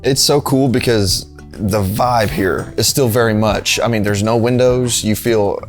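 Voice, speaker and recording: A man's voice: on the low side, measured pace, faint music behind. A man hosting an interview, chatting enthusiastically with his guest inside a restaurant. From Newport, Tennessee. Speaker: show host. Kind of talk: conversational interview.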